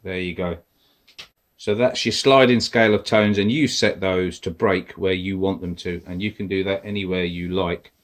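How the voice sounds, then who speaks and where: A man's voice: low voice, normal speed. A man casually walking through device settings step by step, talking as he presses buttons. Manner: relaxed, explains step by step while pressing buttons. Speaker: metal detecting tutorial host. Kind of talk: casual instructional walkthrough.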